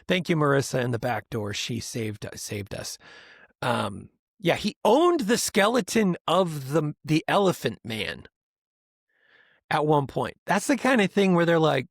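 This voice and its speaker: A man co-hosting a podcast in casual chat, rambling and animated, often mimicking other people's voices for laughs. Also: a little high, a little slow, vocal fry, no echo, studio quality. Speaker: podcast co-host.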